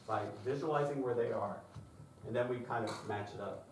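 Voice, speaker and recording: Talking a little fast and with lots of energy, a choir director runs a conference workshop on children's singing, using high falsetto in sung demonstrations to imitate kids. The audio, taken in a conference room, is distant and roomy with faint noise.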